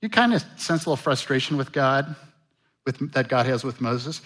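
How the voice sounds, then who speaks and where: A male pastor delivers a sermon in a bright, energetic voice, pitched in an ordinary middle register. He asks the congregation questions and dramatizes scripture by voicing its characters. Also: brisk, husky. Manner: animated, acts out Bible voices, rhetorical questions.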